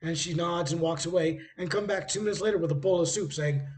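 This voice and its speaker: A man's voice: on the high side, fast, few pauses, a little mellow. A man vlogging casually from a hotel room by a busy street, rambling through travel anecdotes with frequent hesitations.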